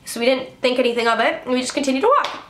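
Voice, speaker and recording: Young woman rambling through storytimes, high voice, lots of like, bit of room echo. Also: rapid-fire, fairly bright tone, a little hiss or hum. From Illinois, USA. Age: young adult. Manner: chatty, swears a lot, heavy filler "like". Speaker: vlogger. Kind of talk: casual storytime.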